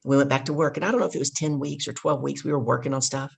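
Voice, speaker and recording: A woman business coach, a podcast guest, telling a lively story and acting out what people said. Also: rumbling low, rapid-fire, vocal fry, slightly rough. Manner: animated storyteller who acts out dialogue. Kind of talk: storytelling interview.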